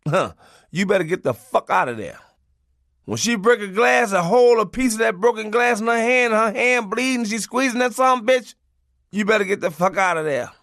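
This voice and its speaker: Profane, loose-talking man with a higher voice. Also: fairly bright tone, no echo, clean studio sound. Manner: loose, profane, conversational delivery with laughs. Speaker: audiobook narrator. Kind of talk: comic memoir storytelling.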